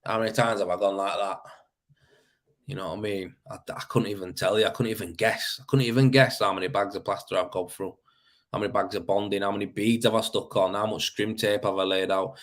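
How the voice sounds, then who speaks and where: A man's voice: on the low side, fairly even intonation, brisk. A man from Leeds with a West Yorkshire accent, chatting casually on a livestream as host, laughing often and rambling. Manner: rambling, laughs often, says "you know what I mean". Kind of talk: casual livestream chat reading comments.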